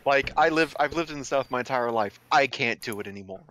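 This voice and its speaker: A man's voice: mid-range voice, a little fast, pushed and bright. A man co-hosting, teasing his friends and swearing in casual banter. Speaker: co-host.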